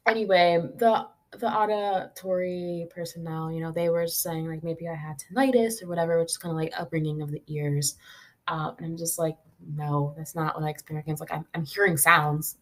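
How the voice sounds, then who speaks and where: Candid, exasperated young woman host, lower voice. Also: rough recording. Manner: frustrated, candid, swears, laughs between points. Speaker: podcast host. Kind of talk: casual monologue.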